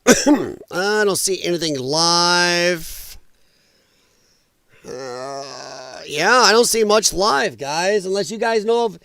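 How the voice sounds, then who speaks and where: High-voiced rambling livestream host. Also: male voice, fairly bright tone, clean tone, no room sound. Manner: rambling, jokey, reads chat aloud. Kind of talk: casual political livestream commentary.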